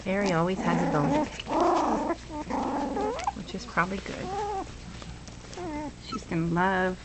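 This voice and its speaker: A woman with a lowish, steady voice talks at a measured pace while filming a litter of puppies at home, cooing at them in baby talk. A loud crowd can be heard, and the low-quality camera-mic home video has heavy background noise.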